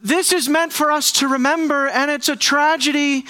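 A man preaching an expository sermon as pastor, conversational, asking the congregation questions and slowing down to stress words. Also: very high voice, steady tone, pushed and bright, no room sound. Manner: conversational, asks the congregation questions, slows for emphasis.

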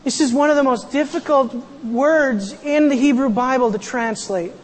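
High-voiced animated preacher in a reverberant hall. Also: normal speed. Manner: animated, acts out quotes and raises voice for emphasis. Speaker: pastor. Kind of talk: sermon.

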